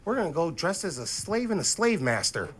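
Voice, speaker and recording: A man's voice: fairly high pitch, very animated, brisk, voice pushed up. A man voicing his prankster father, teasing his son in a sly, offhand way.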